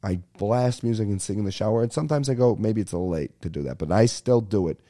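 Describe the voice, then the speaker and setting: A man's voice: on the low side, fast. Young guy ranting on a podcast. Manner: animated, swearing, says "dude" a lot. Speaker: podcast host. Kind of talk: casual comedic rant.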